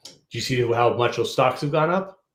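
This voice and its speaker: A man's voice: medium pitch, normal speed, roomy sound. A man co-hosting a tutoring livestream, adding short supportive remarks. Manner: brief agreeing remarks.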